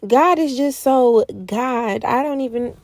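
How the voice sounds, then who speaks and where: A young woman telling a casual spoken testimony in an animated way, laughing often. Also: sits high, slow pace, dry recording. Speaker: Christian vlogger sharing a testimony.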